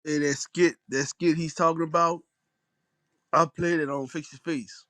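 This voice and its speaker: A man co-hosting a casual live stream chat, talking in a loose, halting way. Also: fairly high pitch, fairly even intonation, pushed and bright, no echo. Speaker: co-host.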